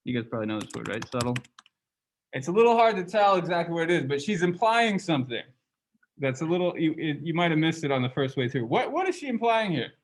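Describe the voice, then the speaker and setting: A man lecturing a class in a loose, conversational manner, often turning to ask his students questions. His voice sits fairly high for a man. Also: very animated, fast, low-quality recording. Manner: reads passages aloud from the book. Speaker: religious studies lecturer.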